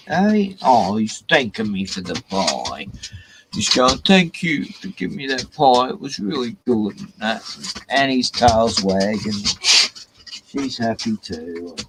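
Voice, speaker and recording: A man hosts a loose, rambling live stream, swearing freely and talking to his dogs between coughs. He speaks slowly, but his pitch swings widely. Faint noise hums behind him. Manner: swears a lot, chatty, talks to his dogs.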